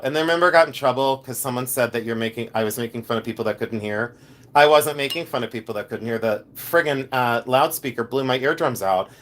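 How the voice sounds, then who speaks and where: A man's voice: medium pitch, a bit bright. A man hosting a casual live stream, telling rambling, repetitive stories with exasperated asides. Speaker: live-stream host selling gemstones.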